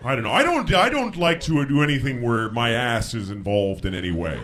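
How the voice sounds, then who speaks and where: A man doing a stand-up comedy routine on a stage before a live audience, telling frank stories and breaking into shouted impressions. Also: medium pitch, big pitch swings, a little fast, few pauses, a faint crowd. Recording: live show with audience laughter. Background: audience laughter.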